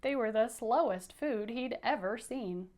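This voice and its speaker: A woman's voice: fairly high pitch, a little slow, a little mellow. A woman teacher giving a playful, coaxing read-aloud for children, inviting them to repeat lines after her. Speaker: teacher reading aloud to kids.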